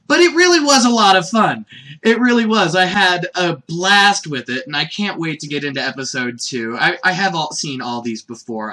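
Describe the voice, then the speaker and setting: Rambling male anime reviewer, bright tone, slightly high voice. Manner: rambling, chatty, laughs often. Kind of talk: casual episode recap.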